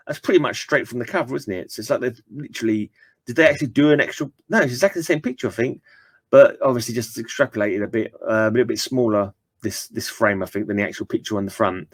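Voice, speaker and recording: A man's voice: mid-range voice, quick pace, husky, no room sound. A man reading an old comic book aloud and dropping chatty asides to his viewers. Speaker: comic book reader and channel host.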